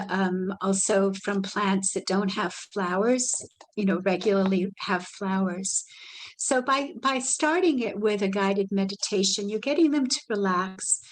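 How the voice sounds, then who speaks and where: A woman presenting a live online workshop, speaking gently and soothingly and guiding her listeners through calm imagery. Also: mid-range voice, poor audio. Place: indoors, video call.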